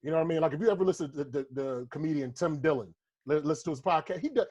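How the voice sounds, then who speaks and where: An American comedian co-hosts a podcast, bantering casually and profanely at a racing pace. His voice is a little high and a little mellow, and he rambles and slips into mocking voices for his bits.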